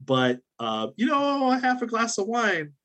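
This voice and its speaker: A man running a tabletop role-playing game as game master, relaxed and joking as he rules on dice rolls. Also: very high-pitched, unhurried.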